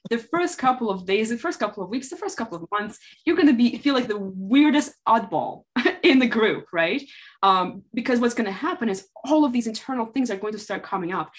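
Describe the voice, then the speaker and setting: A woman speaking in an earnest, heartfelt way about personal growth in a podcast conversation, often restarting her sentences. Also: medium pitch. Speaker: author and podcast regular. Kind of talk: motivational conversation.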